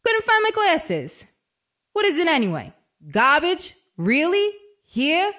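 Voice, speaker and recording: A woman's voice: very high voice, huge pitch swings, slow, a bit bright. A woman telling a story in a chatty, wry, conversational way. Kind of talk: dramatic storytelling monologue.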